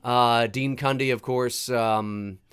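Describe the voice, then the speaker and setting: A man's voice: medium pitch, fairly even intonation, slow, a bit bright, clear, resonant tone. A man hosting a live movie commentary stream, chatting casually and reading viewer comments aloud. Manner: casual, chatty, restarts and fillers, reads chat aloud.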